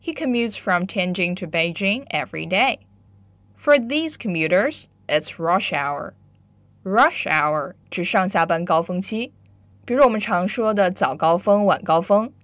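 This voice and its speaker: A woman teaches English words in a clear, patient, explaining manner. Her voice sits a little low for a woman. The recording is dry and close, with no room sound. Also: animated, unhurried, no echo. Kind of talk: bilingual English lesson.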